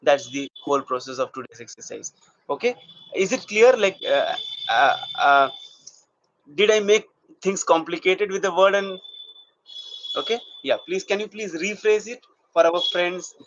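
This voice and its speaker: A male acting coach leads his class through an exercise, laying it out step by step and stopping to ask whether it is clear. His voice sits a little high. The recording is dull and lo-fi. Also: expressive, normal speed, long pauses, fairly bright tone, no room sound. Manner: explains step by step and checks in with the class.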